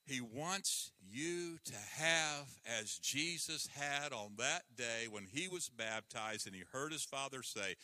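A male pastor preaching a sermon, swinging from loud emphasis to hushed tones. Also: medium pitch, lively intonation, slow, few pauses, no echo. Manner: breaks into hymn lines.

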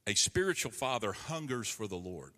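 A man's voice: fairly low pitch, sing-song, moderate pace, bright, forceful tone, big-room sound. A man preaching a sermon to a congregation, emphatic and earnest, calling for responses. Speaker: pastor.

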